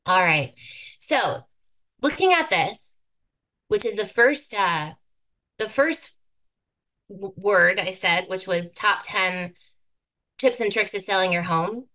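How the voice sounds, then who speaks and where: A woman teaches over a live video call with slides, her voice bright and forward. She is brisk and upbeat, and she leans on key words and repeats them for emphasis. The sound comes through a computer microphone. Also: mid-range voice, expressive. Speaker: guest presenter teaching thumbnail design. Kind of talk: live webinar presentation with slides.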